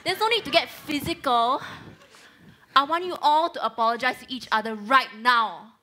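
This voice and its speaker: A woman's voice: sits high, moderate pace, sharp tone. A woman playing a tired tutor in a student comedy skit. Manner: weary, mock-stern. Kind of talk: amateur comedy skit acting.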